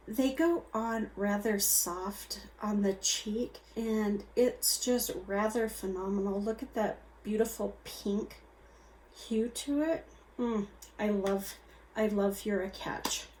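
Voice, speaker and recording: Brief: slightly breathless woman, beauty vlogger, gushing, unhurried delivery. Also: medium pitch, darkish tone. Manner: gushing, slow and chatty, lingering on words. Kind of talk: casual product review.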